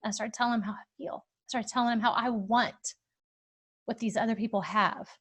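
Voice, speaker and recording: A woman's voice: a little high, steady tone, a little fast, fairly bright tone. A woman in her thirties hosting a podcast, telling a personal story in an open, searching way with plenty of fillers and restarts. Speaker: podcast host.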